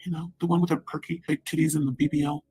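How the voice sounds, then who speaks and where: A woman's voice: low-pitched, flat delivery, quick pace, mellow, low-quality recording. A woman in a profane, rambling angry rant, taunting and repeating herself.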